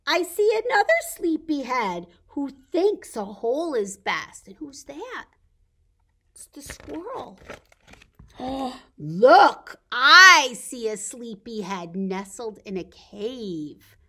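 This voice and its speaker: A woman librarian leading a baby story time, reading a picture book aloud, singing simple songs and making animal sounds in a sing-song, animated way. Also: high-pitched, takes it slowly. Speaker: children's librarian.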